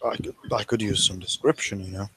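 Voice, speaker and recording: A man playing a tabletop role-playing game, talking quietly and dryly. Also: on the low side, fairly even intonation, fairly quick, breathy edge, dry recording, low-quality recording. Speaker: player.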